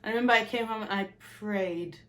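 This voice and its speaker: A South African woman in her twenties, talking frankly and with profanity in a candid personal vlog, telling her story in an animated way. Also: mid-range voice, fairly quick. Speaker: YouTuber.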